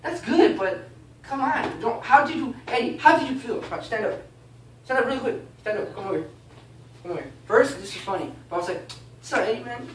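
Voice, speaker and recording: A man teaching a baptism class in a casual, animated way, often asking "okay?" and "you know?". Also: very high-pitched, brisk. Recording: echoey room, mic far off, faint noise.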